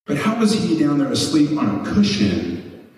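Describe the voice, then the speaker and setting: A man's voice: fairly high pitch, huge pitch swings, moderate pace, a little mellow. A man preaches with mounting passion, pushing his voice up to emphatic peaks. He is picked up from a distance, and his words ring on through a large, reverberant hall. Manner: impassioned, rising to emphatic peaks. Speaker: pastor. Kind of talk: sermon. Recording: echoey hall, mic far off.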